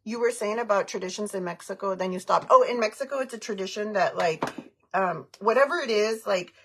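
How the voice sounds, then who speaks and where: A woman talks to her livestream viewers in a frank, heated and rambling way. Her voice is husky and mid-pitched. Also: a little fast. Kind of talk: casual livestream chat, answering comments.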